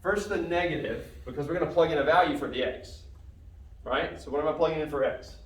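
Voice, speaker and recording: A man's voice: fairly high pitch, fairly quick. A man teaching a math class, walking students through problems and often checking that they understand. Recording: echoey classroom from a distance.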